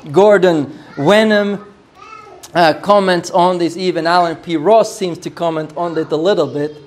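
A man's voice: high voice, darkish tone. A man teaching on a Bible passage in a sermon style, musing aloud and repeating phrases as he works through the text. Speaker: preacher.

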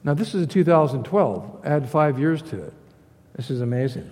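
A pastor preaching a sermon, emphatic, repeating key phrases and swinging between loud stresses and quiet asides. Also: male voice, fairly high pitch, animated, moderate pace. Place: church sanctuary. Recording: long hall reverb.

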